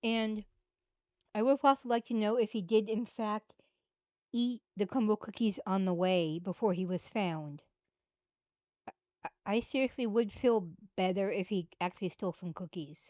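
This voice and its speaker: A woman's voice: mid-range voice, moderate pace, pauses often, dark tone, no echo. Blunt, sarcastic woman host. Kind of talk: casual live commentary. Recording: dull dry lo-fi.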